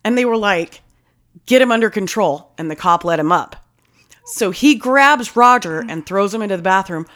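A woman in casual chat, telling a story with constant swearing and lively, heated delivery. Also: mid-range voice, moderate pace. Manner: heavy swearing, animated storytelling.

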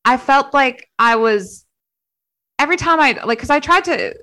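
A woman's voice: high-pitched, animated, normal speed, pushed and bright, poor audio. A middle-aged woman chatting casually as a podcast guest, rambling and self-deprecating, with lots of fillers. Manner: rambling, self-deprecating, filler-heavy storytelling with frequent laughs. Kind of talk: casual chat.

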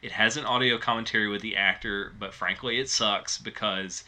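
Bright-voiced man dissecting a movie. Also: on the low side, steady tone, normal speed. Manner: wry, informative, laughs easily. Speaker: podcast co-host. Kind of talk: casual movie review chat.

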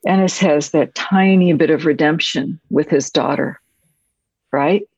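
A woman screenwriter reflecting on a film shoot, speaking softly and haltingly, with many pauses and restarts. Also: low voice, husky, no echo. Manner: soft-spoken, halting, with frequent pauses and restarts. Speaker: screenwriter guest. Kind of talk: reflective anecdotal storytelling. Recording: dull, muffled audio.

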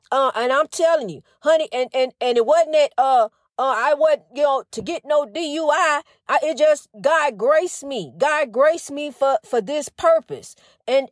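A middle-aged woman hosting a faith-based talk program in a casual spiritual monologue. She talks fast with a slight stutter, restarts often, and keeps calling her listeners "honey". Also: high voice, no room sound, clean studio sound. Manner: folksy and emphatic, says "honey" often.

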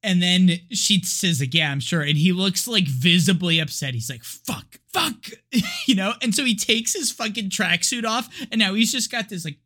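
A man's voice: sits high, bright, forceful tone. A man co-hosting a podcast, chatting casually about a movie, laughing often and talking with lots of filler words. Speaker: podcast co-host.

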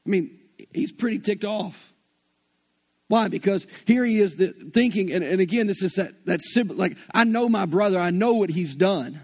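A man's voice: sits high, moderate pace, darkish tone, slightly rough. A man with a Southern US accent preaching an earnest, folksy sermon and retelling scripture in everyday slang. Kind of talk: conversational sermon.

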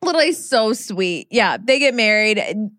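Lively young woman in a dry room. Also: mid-range voice, normal speed, no room sound. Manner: upbeat, wraps up and announces next episodes. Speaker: podcast co-host. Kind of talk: casual chat.

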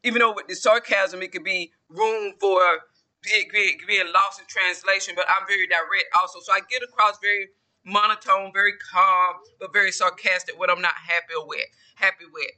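A man with a high, very bright, forceful voice talks to camera in a casual solo vlog. He rambles, often repeating phrases and starting sentences over before finishing a thought. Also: normal speed. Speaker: podcaster and YouTuber.

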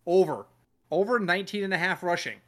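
A man hosting a casual sports podcast, talking in an animated way, swearing and acting out what other people said. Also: sits high, fairly quick. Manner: animated, swears, acts out quoted voices. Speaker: podcast host.

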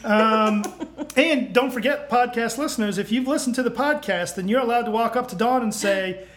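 A man's voice: high voice, normal speed, fairly bright tone. A man co-hosting a podcast, joking loosely and reading sponsor plugs in a casual chat. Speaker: podcast co-host.

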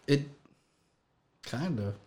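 A man's voice: mid-range voice, expressive, drawn-out words, a little mellow. A man on a podcast as a guest in casual chat, joking around and laughing easily.

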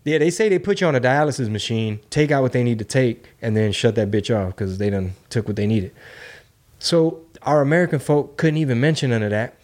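Profane, animated man bantering on a podcast. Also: medium pitch, brisk. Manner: animated, profane, breaks into mocking impressions. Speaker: podcast co-host. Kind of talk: casual political banter.

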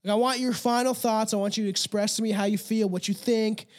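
A man's voice: sits high, steady tone, fast. A man hosting a casual podcast, reading passages aloud and stumbling over long words, with a loose and profane way of talking. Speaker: podcast host.

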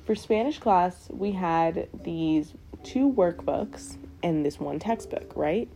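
A young woman hosting a podcast, telling her stories in a casual, animated way with frequent swearing and laughter. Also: lowish voice, slow pace, a little hiss or hum. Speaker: podcast host. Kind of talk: casual storytelling.

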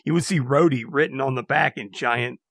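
A man's voice: mid-range voice, moderate pace, gravelly, fairly bright tone, dry recording. A man co-hosting a podcast, chatting casually and rambling with lots of filler words. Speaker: podcast co-host. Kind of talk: casual chat.

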